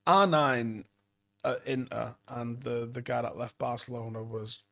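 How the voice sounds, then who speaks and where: A man's voice: mid-range voice, fairly even intonation, measured pace, vocal fry, pushed and bright. A man in his forties hosting a late-night football live stream, chatting loosely, reading out viewer comments and swearing freely. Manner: swears a lot, rambling and enthusiastic.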